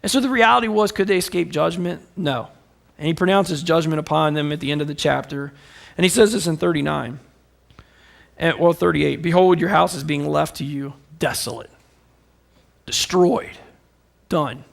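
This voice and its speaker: A man preaching a sermon in a fairly high voice with a gravelly edge. He tells stories with animation and swings from emphatic points to hushed asides. He is a young adult pastor. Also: moderate pace.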